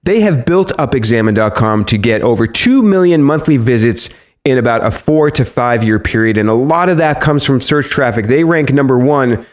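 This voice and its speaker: A man hosting a podcast, reading a lively, playful intro and then interviewing his guest. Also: moderate pace. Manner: lively, playful, varies pitch for emphasis. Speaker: podcast host.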